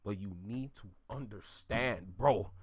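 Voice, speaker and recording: A man's voice: on the low side, unhurried, breathy edge, dry recording. A man from Toronto hosting a reaction video, ranting bluntly and repeating his points for emphasis. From Toronto, Canada.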